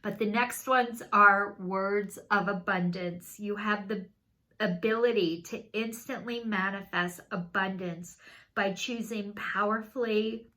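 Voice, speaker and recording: Woman, tarot-style card reader, unhurried and consoling, slightly tearful; mid-pitched voice. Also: fairly even intonation, sharp tone. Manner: slow, earnest and consoling, with many pauses. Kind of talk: spiritual card reading to camera.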